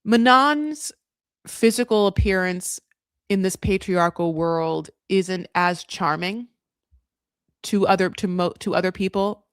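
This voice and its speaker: A woman's voice: medium pitch, slow pace, clear, resonant tone, no room sound, studio quality. Blunt, rambling woman recapping reality TV. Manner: rambling, full of "like" and swearing; opinionated and blunt. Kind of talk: casual live recap commentary.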